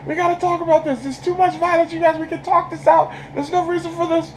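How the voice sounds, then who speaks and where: A man putting on the voice of a panicky, polite man begging everyone to stop fighting, pleading in a high voice. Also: level tone, fast talker, a little hiss or hum, poor audio.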